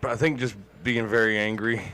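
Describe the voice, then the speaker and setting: A man chatting casually on a late-night talk show, blunt and laid-back. His voice is lowish and smooth. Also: fairly even intonation, normal speed, bright, forceful tone. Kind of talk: casual chat.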